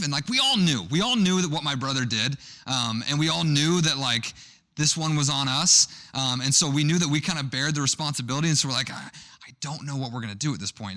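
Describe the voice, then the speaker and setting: This young male pastor's sermon is conversational, slipping into a personal anecdote as he repeatedly restarts phrases. His tone is bright and forceful at a medium pitch.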